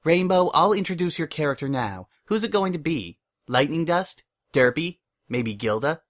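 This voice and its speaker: A man voicing a high-strung young mare who runs the game, bossy and quickly exasperated. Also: animated, lightly acted. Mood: eager. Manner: bossy, exasperated, bursts into shouts.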